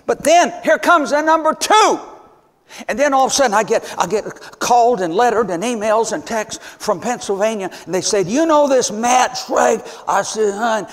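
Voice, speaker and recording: A man in his seventies, a visiting missions preacher telling stories in a folksy sermon, stumbling over restarts and breaking into joyful whoops. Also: high voice. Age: 70s. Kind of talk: storytelling sermon. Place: church sanctuary. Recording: long church reverb.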